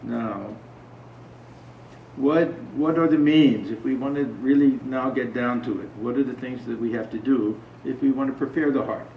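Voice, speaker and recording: Monk, conversational storyteller, gravelly voice, recorded from afar in an echoey room. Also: male voice, mid-range voice, moderate pace, slight background noise. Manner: conversational, asks the audience questions. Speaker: monk giving a spiritual talk. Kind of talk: informal spiritual talk with storytelling. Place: talk to a small gathering. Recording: roomy, distant, dull sound.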